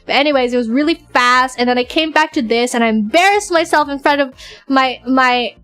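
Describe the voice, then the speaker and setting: A woman streamer chatting casually and excitedly, acting out her own side of conversations in a raised voice. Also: high-pitched, brisk, soft background music. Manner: excitable, animated, quoting others in a raised voice. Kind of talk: casual chat.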